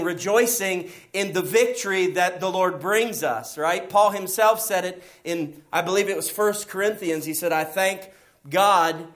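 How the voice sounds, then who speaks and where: A man's voice: a little high, fairly bright tone. A man preaching a sermon as pastor, emphatic and asking his listeners rhetorical questions.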